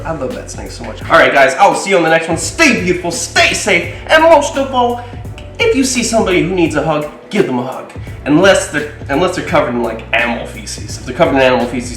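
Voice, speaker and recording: Excitable snake keeper in echoey room. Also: male voice, on the high side, far from the mic. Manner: excitable, energetic, jokey. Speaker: reptile keeper and vlog host. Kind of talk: casual animal vlog. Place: indoor reptile room.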